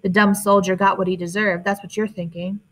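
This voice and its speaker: Brief: nasty teen boy picking a fight, read by a woman narrator, medium pitch. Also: flat delivery, brisk, fairly bright tone, lightly acted. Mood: hostile. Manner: hissing, contemptuous. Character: hostile teenage boy bully. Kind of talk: audiobook character reading.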